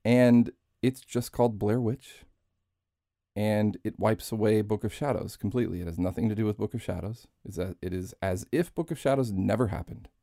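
A man's voice: on the low side, normal speed, dark tone, no room sound, clean studio sound. A man hosting a podcast in a casual monologue, rambling and chatty, swearing now and then and poking fun at himself. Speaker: podcast host.

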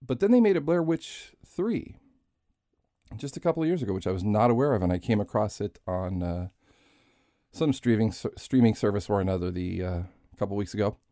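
A man's voice: on the low side, animated, brisk, mellow, no room sound, studio quality. A man hosting a podcast in a casual monologue, rambling and chatty, swearing now and then and poking fun at himself. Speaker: podcast host.

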